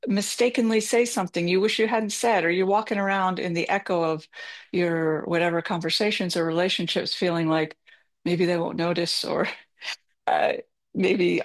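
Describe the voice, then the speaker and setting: A middle-aged woman telling a self-deprecating personal story as advice, candid and chatty with filler words. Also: lowish voice. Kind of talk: personal advice talk with anecdote.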